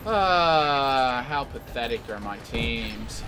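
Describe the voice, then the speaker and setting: A man's voice: mid-range voice, animated, slow pace, music in the background. A man giving live gameplay commentary, frustrated and griping at his teammates. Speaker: gamer.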